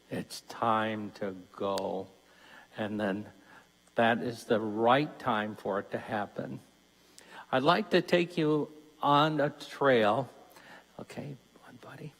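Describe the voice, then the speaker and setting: A man giving a conversational Lenten mission talk as a deacon, putting questions to his listeners. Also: medium pitch. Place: church. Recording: long church reverb.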